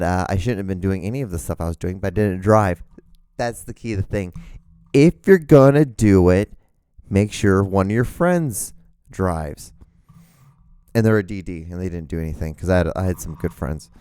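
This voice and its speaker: Low-voiced man rambling a story. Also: clean tone, dry recording, studio quality. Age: 30s. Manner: casual, profane, halting with many restarts. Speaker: podcast host.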